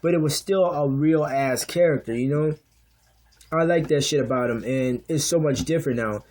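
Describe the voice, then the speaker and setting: A man's voice: a little high, moderate pace, darkish tone. A young man giving a heated, profane, unscripted rant, often restarting his sentences. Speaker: vlogger.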